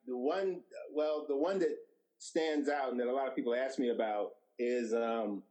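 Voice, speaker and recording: Telling stories as an interview guest, a middle-aged director brings them to life by performing the quoted lines. His voice is medium-pitched, his pace moderate, and the recording is rough.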